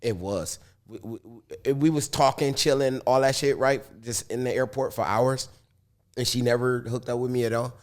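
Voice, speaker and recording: A man's voice: mid-range voice, steady tone, moderate pace. A man chatting as a guest on an interview show, laid-back and joking, often laughing. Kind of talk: casual interview chat.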